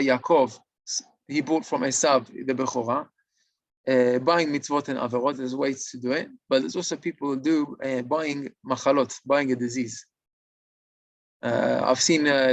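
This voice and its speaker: Guy telling a story, gravelly voice, acts out every line. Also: moderate pace, dry recording. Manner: animated, acts out the characters' lines with higher pitch. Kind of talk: telling a religious moral tale.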